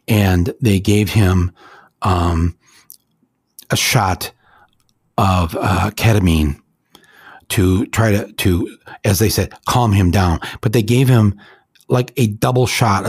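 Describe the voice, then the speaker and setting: A man giving impassioned, angry commentary with a husky voice. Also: low-pitched, no echo, clean studio sound. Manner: angry, emotional, accusatory.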